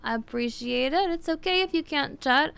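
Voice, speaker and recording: A woman streamer chatting casually with her viewers, talking with vocal fry and lots of fillers. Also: high-pitched, animated, moderate pace, a bit bright. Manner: chatty, answers chat with fillers and laughs.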